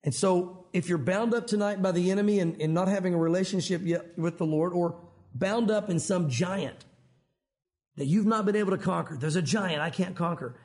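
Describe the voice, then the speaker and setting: A pastor from Tennessee preaches in an easy, conversational way, his light Southern accent showing through. He talks fast and often restarts his sentences mid-thought. His voice sits notably high for a man. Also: darkish tone. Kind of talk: sermon.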